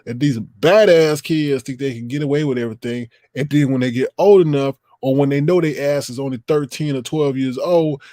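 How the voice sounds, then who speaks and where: A man's voice: medium pitch, brisk, hardly any pauses, warm tone, no echo, studio quality. A man in his thirties hosting a casual livestream, talking bluntly and with profanity straight to his viewers from home. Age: 30s. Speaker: livestream host.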